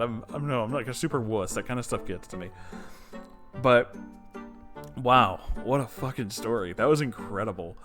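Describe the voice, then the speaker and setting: A man's voice: lowish voice, normal speed, a bit bright, faint music behind. A man hosting a story channel, reading a submitted story and then chatting casually, emotional and swearing freely. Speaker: story reader and channel host.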